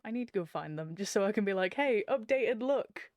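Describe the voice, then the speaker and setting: A woman from England co-hosting a podcast, chatty and relaxed, laughing often. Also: mid-range voice, very fast, dry recording, studio quality. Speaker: podcast co-host. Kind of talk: casual chat.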